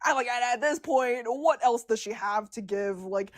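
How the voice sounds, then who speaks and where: High-voiced excitable woman who stutters. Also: moderate pace, few pauses. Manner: excitable, stutters and restarts words. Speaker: streamer discussing comics with chat. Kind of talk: casual livestream chat.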